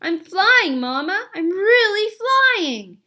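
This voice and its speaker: A woman voicing a young male gosling from a storybook, squeaky and bursting with excitement as he learns to fly. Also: normal speed, heavily acted. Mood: thrilled.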